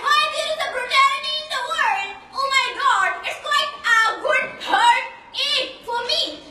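Very high-voiced woman debater, teasing and challenging, recorded far off in a very echoey room. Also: bright, forceful tone. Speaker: debate student. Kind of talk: debate rebuttal speech. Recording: very echoey, distant, noisy.

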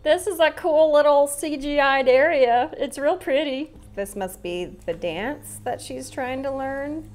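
Woman reaction host, slightly high voice, chatty and quick to laugh. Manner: chatty, laughs often, talks back to the screen. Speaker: drama reaction channel host. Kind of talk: casual reaction commentary.

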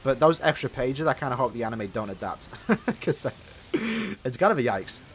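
A man's voice: medium pitch, animated, moderate pace, a little hiss or hum. Chatty young man with a sore throat. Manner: rambling, chatty, many fillers. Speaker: gaming channel host. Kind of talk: casual chat while playing a mobile game.

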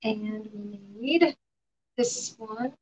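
A woman running a live painting demo in her art studio, relaxed and often murmuring to herself as she works. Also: fairly high pitch, drawn-out words, low-quality recording. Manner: relaxed, talks to herself while working, often quiet and off-mic. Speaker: painting instructor.

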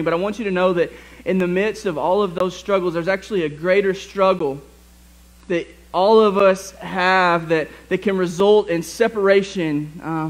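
A man preaching a lively sermon to his church congregation, joking with the crowd and reading scripture aloud. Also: high voice, low-quality recording. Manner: energetic, jokey, speaks to the congregation. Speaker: pastor. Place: church sanctuary.

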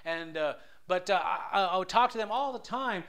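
A man preaching a conversational sermon, telling stories with frequent restarts and rising loud for emphasis. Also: high-pitched, moderate pace. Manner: many restarts and stammers. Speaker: lay preacher.

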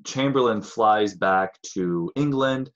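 A man's voice: fairly low pitch, slow pace, fairly bright tone, highs cut off. A man teaching a casual history lesson in a chatty, rambling way, sometimes acting out voices of historical figures.

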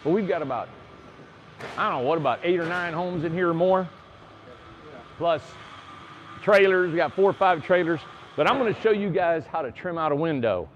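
A man's voice: fairly high pitch, moderate pace, pauses often, highs cut off, slight background noise. A man building tiny homes, casually teaching window trim step by step in his shop, wearing a clip-on mic. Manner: chatty, joking, explains step by step. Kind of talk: casual hands-on tutorial.

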